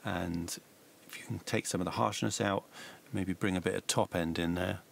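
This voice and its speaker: A man, working as a mastering engineer, giving relaxed, hedged feedback on music mixes. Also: sits low, normal speed, gravelly, a little hiss or hum. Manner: relaxed, hedging suggestions. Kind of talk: casual spoken feedback.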